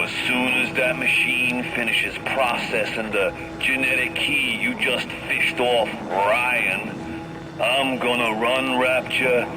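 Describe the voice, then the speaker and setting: A man's voice: medium pitch, lightly acted, low-quality recording. Frank Fontaine, a sneering New York con man voiced by an actor. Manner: gloating, drawling, menacing. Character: scheming male con-man crime boss, sneering. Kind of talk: video game voice acting.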